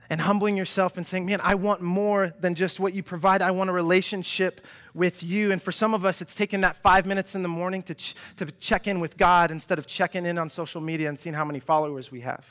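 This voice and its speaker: A young man preaching a sermon in a church, animated and chatty, often restarting his sentences and acting out quoted voices. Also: sits high, a little fast. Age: young adult. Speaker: pastor. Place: church hall.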